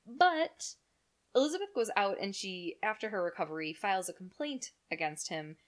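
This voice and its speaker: A woman's voice: medium pitch, expressive, moderate pace. A woman co-hosting a podcast, telling a true crime story in casual, profane, joking chat. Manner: chatty, profane, jokey storyteller.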